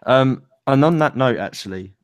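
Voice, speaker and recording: A young man co-hosting a casual chat about songwriting, talking loosely with many fillers and pauses. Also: mid-range voice, animated, no room sound, studio quality. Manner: loose, lots of fillers and likes, pace speeds up and slows. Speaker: co-host.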